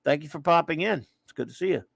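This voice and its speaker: High-voiced chatty man, dry close sound. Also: lively intonation, fast talker, vocal fry, breathy edge, no room sound. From Louisiana. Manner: rambling, opinionated, friendly with viewers. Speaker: livestream comics talk host. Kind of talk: casual live-stream chat reading viewer comments.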